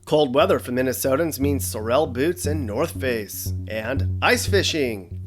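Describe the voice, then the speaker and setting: A man hosting a comedic explainer, narrating in a dry, sarcastic, deadpan way. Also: mid-range voice, measured pace, soft background music. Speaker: host.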